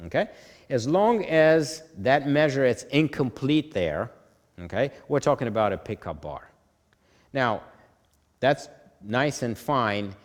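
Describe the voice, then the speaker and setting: A man's voice: mid-range voice, big pitch swings, takes it slowly, long reverb tail. A man teaching music theory at a board, explaining step by step, often checking "okay?" and chanting rhythms on "ta". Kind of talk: whiteboard lesson.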